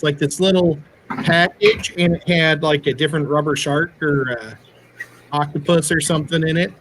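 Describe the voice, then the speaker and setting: Telling meandering stories during casual livestream chat, this middle-aged co-host has a slightly high, somewhat bright voice. A faint hiss or hum runs through the recording.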